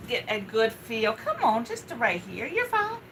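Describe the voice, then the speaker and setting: A woman's voice: on the high side, wildly swooping pitch, a little slow, fairly bright tone, a little hiss or hum, poor audio. A woman hosting a live stream, talking casually while she grooms her dog, with a coaxing, soothing baby-talk manner. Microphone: home live-stream setup.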